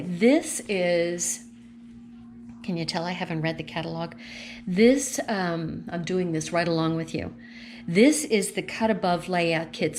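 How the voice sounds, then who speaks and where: A woman casually walking viewers through a craft catalog at home, chatty and gushing as she thinks aloud while turning the pages. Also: fairly low pitch. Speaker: consultant showing a craft catalog. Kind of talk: casual catalog walkthrough vlog. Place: at home with her dogs.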